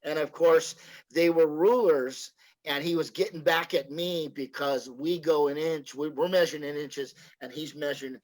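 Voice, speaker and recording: A man's voice: on the high side, fairly even intonation, normal speed, poor audio. A middle-aged man from the United States, a woodworker chatting casually on a video call, rambling like a folksy storyteller and often restarting his sentences. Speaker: woodworker guest.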